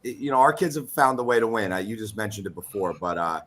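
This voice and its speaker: A man, a high school football coach, giving measured, plain-spoken interview answers. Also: expressive, a bit bright, slight background noise.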